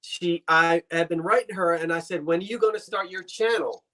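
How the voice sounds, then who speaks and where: A man's voice: on the high side, moderate pace, bright, forceful tone. A man co-hosting a casual live-stream chat, teasing playfully and telling stories. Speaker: co-host.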